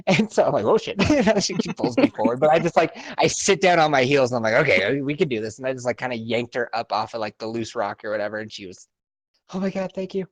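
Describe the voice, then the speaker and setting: A man's voice: mid-range voice, fast, few pauses. A young man co-hosting a podcast, telling a story in casual, profane chat and laughing often. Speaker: podcast co-host.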